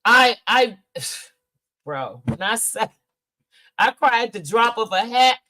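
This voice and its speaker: With a fairly high, sharp voice and lively intonation, a middle-aged woman takes it slowly, leaving long pauses. She's a podcast host in a casual livestream chat reading viewer comments, speaking candidly and emotionally, swearing freely and near tears.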